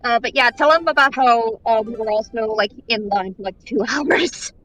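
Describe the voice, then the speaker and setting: A woman's voice: a little high, moderate pace, fairly bright tone, slight background noise, rough recording. A woman in casual chat on a game stream, prompting her partner to tell their stories. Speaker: co-host guest.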